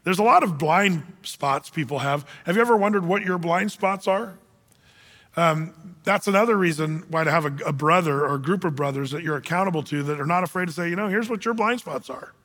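A man preaching a sermon, telling the story in a lively way and acting out the characters as he goes. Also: fairly high pitch, brisk, in a large hall. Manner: animated storytelling, acts out characters. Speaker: pastor.

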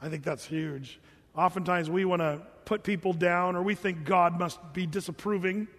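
A man with a high voice preaches a sermon in a conversational way. He reads scripture and stops to put questions to his listeners. His voice rings with the long reverb of a large hall. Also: fairly even intonation, moderate pace, fairly bright tone. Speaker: pastor. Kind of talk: sermon, reading and explaining scripture.

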